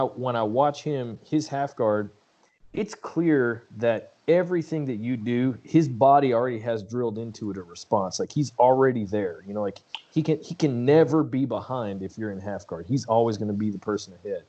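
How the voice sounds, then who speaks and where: A middle-aged man hosts a podcast in a relaxed, rambling way, his voice mellow and dark. The sound is a bit dull and lo-fi. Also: medium pitch, moderate pace. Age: late 30s or older. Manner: easygoing, rambling with restarts. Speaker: podcast host. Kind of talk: casual interview chat.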